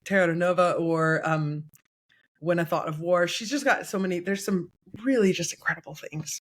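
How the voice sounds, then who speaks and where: A woman who works as a choral conductor and educator appears as a guest on a casual podcast interview. She speaks at a normal speed in a lowish voice, telling stories candidly and chattily and laughing often.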